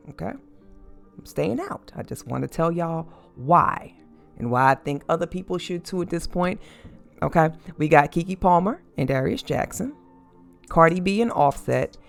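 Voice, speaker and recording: Gravelly, animated solo commentator; sassy, playful, acts out fan reactions. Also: mid-range voice. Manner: animated, sassy, mock-quotes fans. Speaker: commentary show host. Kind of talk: casual opinion commentary.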